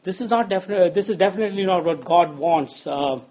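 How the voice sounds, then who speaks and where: A man's voice: high-pitched, a little fast, lo-fi sound. A man preaching a conversational sermon in church, reading scripture and telling anecdotes. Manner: conversational, with frequent fillers and restarts.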